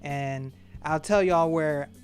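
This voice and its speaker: A man hosting a casual commentary video, talking in an animated way and acting out quotes in voices. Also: a little high, slow pace, faint music behind. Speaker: commentary host.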